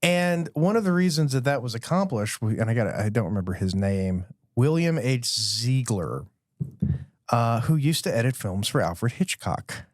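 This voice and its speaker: A man's voice: medium pitch, animated, normal speed, dry recording, studio quality. A man co-hosting a podcast, rambling through movie trivia and chuckling at the jokes. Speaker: podcast co-host. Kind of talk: casual chat about a film.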